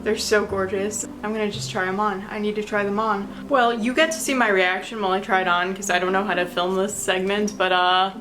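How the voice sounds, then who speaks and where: A young woman vlogging casually in her bedroom, gushing and excitable as she unboxes and tries on shoes. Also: mid-range voice, brisk, few pauses, noisy background.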